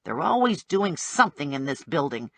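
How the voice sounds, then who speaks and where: A woman's voice: low voice, sing-song, normal speed, a bit bright, husky, no room sound, voice pushed down, full character voice. A woman voicing a small, fussy man who complains in a whiny, self-righteous way, for an audiobook.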